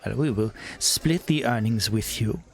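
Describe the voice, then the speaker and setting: A man voicing a shrewd robed male goblin, speaking in a slow, formal, bargaining way in a tabletop game. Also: lowish voice, creaky, breathy edge, full character voice.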